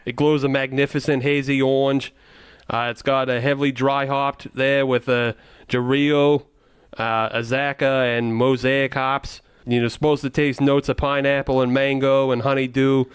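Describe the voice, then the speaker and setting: A man's voice: medium pitch, little pitch movement, normal speed, clean tone, no room sound. A man co-hosting a beer podcast, clowning in a thick put-on Boston accent. His voice sits in a middle register. The sound is close and dry. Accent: mock Boston. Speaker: podcast co-host. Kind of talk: casual chat.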